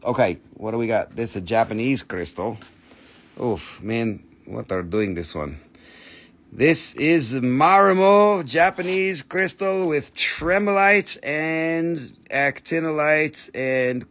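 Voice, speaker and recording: Selling crystals on a live stream, this host keeps up joking, exclamation-filled patter punctuated by muttered asides. He has a mid-range, somewhat bright voice.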